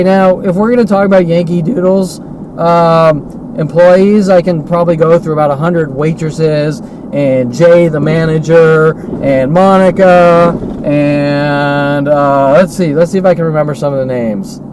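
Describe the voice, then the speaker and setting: An agitated man rants on and on, swearing and repeating himself. His voice sits a little high, and a faint road hum comes through from around the car. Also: fairly even intonation, a little slow. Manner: agitated, profane, repetitive. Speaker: vlogger. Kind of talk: ranting solo monologue.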